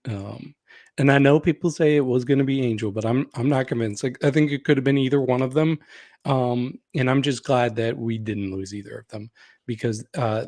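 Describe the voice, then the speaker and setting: A man's voice: medium pitch, a little mellow, no room sound, clean studio sound. A man co-hosting a podcast in an easygoing, agreeable casual chat. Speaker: podcast co-host.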